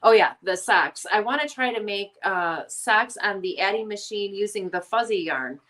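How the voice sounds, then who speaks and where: A woman's voice: medium pitch, expressive, moderate pace, fairly bright tone. A woman with a nasal Chicago accent hosting a casual live chat, chatty and full of ums. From Chicago area, USA. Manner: chatty, reads comments aloud, many ums. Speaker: livestream host.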